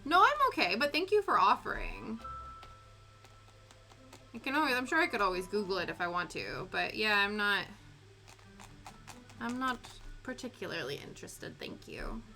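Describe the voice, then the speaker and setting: A young woman with an English Canadian accent chats easily with her stream audience, answering questions between tasks. Her voice has a bright, forward tone at a middling pitch. Faint background music plays under her talk. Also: very animated, normal speed, pauses often. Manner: chatty, laughs often, answers chat. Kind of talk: casual chat while crafting. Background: quiet background music.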